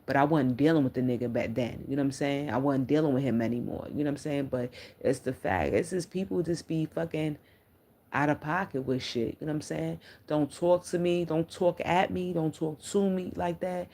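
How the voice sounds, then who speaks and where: A woman's voice: low voice, a little fast, creaky, dark tone. A middle-aged woman chatting on a live stream, blunt and profane, answering her viewers as she tells stories. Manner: blunt, profane, candid storytelling; talks back to viewers' comments. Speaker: livestreamer. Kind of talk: casual live-stream chat.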